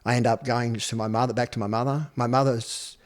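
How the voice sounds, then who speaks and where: A mid-range male voice, steady in tone and a little fast, belongs to an Australian man in his fifties. As an interview guest, he tells his life story candidly, bluntly, and with plenty of profanity.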